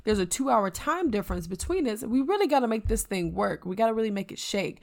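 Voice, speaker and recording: A woman co-hosting a casual faith podcast, telling a personal story in an earnest, animated way. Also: medium pitch, quick pace, creaky. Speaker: podcast co-host.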